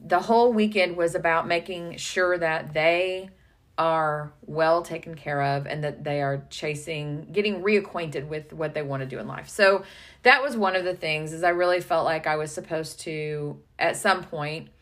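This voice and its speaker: A woman co-hosting a casual business podcast as a coach, thinking aloud with pauses and some stammering. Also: low voice.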